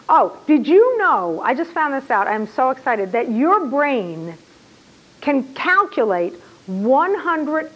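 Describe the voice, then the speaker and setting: A woman with a high voice gives a classroom lecture, animated and excitable, firing rhetorical questions at her students. The audio quality is poor.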